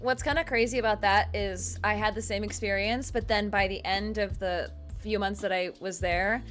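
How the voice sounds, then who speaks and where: A woman from Michigan in casual chat, halting with many restarts and trailing phrases. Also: medium pitch, steady tone, a bit bright, soft background music. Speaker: co-host.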